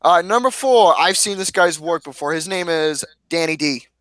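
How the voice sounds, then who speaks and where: A man hosts a casual podcast, his voice pitched notably high. He reads list entries in a flat, deadpan way. The sound is dry and close, with no room around it. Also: moderate pace, no room sound. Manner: deadpan, reads lists with a straight face. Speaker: podcast host. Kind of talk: casual podcast chat reading out lists.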